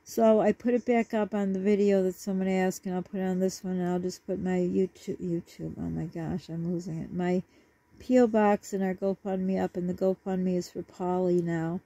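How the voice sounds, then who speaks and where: A woman's voice: on the low side, little pitch movement, normal speed, mellow. A woman vlogger talking to her viewers in a rambling, apologetic way. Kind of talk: casual chat to camera. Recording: dull lo-fi dry recording.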